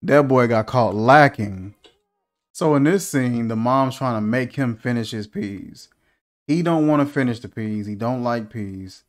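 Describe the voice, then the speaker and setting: A man's voice: mid-range voice, a little slow. A man hosting a casual movie reaction, joking and incredulous, asking one rhetorical question after another.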